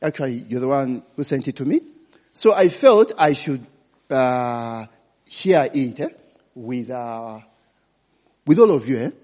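A man's voice: medium pitch, expressive, unhurried, pauses often, darkish tone. A man preaching an informal sermon, often checking in with "eh?" and "okay?". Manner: chatty, frequent "eh?" and "okay?" check-ins. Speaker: pastor. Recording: long hall reverb.

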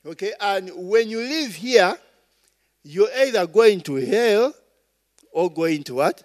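Ugandan male pastor, middle-aged, slow and rambling sermon delivery, fairly high voice, keeps checking in with the crowd. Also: expressive. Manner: rambling, call-and-response asides, frequent "eh?" and "okay?".

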